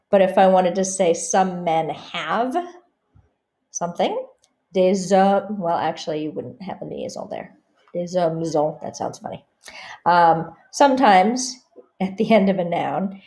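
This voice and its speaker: A woman talks through a pronunciation lesson at an unhurried pace, her voice mellow and soft-edged. She says each practice phrase carefully and distinctly, then drops to a quieter tone to explain it. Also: lowish voice. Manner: models French phrases slowly and clearly, then explains in a quieter voice. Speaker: French teacher. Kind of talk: slow explanatory lesson over slides.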